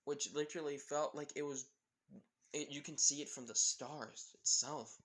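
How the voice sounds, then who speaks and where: A man improvising a fan-made story out loud, in a rambling, casual way with frequent chuckles. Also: a little high, steady tone, normal speed.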